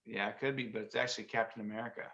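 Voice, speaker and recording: A man's voice: lowish voice, fairly even intonation, racing, bright, forceful tone, muffled recording. A man co-hosting a casual chat over a video call. He reads out movie quotes and rambles, often trailing off mid-sentence. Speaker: co-host.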